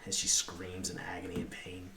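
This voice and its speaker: Low voiced guy running a tabletop game, hushed and halting, echoey noisy room. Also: monotone, far from the mic. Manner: hushed, halting, lots of fillers. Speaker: game master. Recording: echoey room with background noise.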